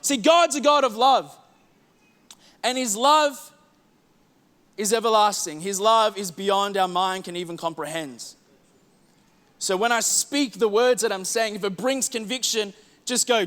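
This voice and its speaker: Earnest bright-voiced man preaching. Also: sits high, normal speed, long pauses, smooth, long reverb tail. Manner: earnest, pleading, repeats words. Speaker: pastor. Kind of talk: sermon. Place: church hall.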